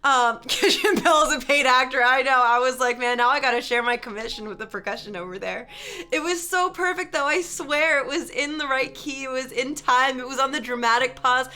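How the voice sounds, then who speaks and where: Bright-voiced young woman chatting with viewers. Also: high-pitched, fairly even intonation, brisk. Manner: chatty storytelling, laughs often, reads chat aloud. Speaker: live streamer and musician. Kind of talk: casual chat with viewers.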